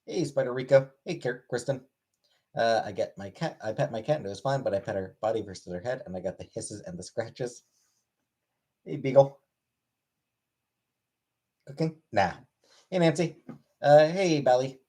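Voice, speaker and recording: A man's voice: medium pitch, expressive, normal speed, pauses often, dark tone. A man streaming live, greeting viewers by name and answering chat with dry, offhand replies. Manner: laid-back, greets viewers one after another by name. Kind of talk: casual livestream chat, reading and answering chat.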